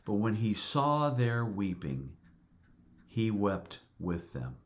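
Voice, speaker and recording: A middle-aged man preaching a sermon at an unhurried, measured pace. His voice sits on the low side, and he talks earnestly and deliberately, leaning on repeated words for emphasis. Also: very animated. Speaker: pastor.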